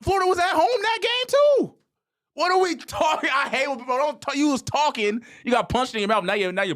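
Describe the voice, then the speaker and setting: A man's voice: very high voice, lively intonation, fairly quick, a bit bright. A man co-hosting a sports talk show, ranting and mock-quoting others in casual slang. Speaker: podcast co-host.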